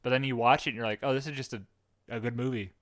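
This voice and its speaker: Young dude on a podcast, stumbles over words, bright sharp voice, dry mic. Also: male voice, medium pitch, steady tone, fast talker, no echo. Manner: goofy, stammering, laughs a lot. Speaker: podcast co-host. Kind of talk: casual comedic chat.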